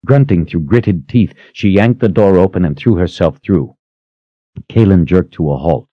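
A man narrating a fantasy story in a steady, storytelling manner, rising in tension at dramatic moments. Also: low voice, moderate pace, no room sound, dull audio. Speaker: audiobook narrator.

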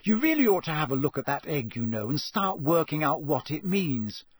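This is a clever, bossy schoolgirl from a storybook, put on by a man reading aloud. She talks quickly and scolds lightly, set a little higher than his usual voice. The voice is slightly husky. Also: sing-song, no echo. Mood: brisk.

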